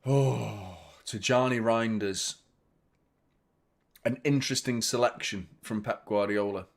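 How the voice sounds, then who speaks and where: A young man, giving a live watchalong commentary on a football match, chatty and swearing, shouting in outrage at fouls. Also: on the low side, takes it slowly.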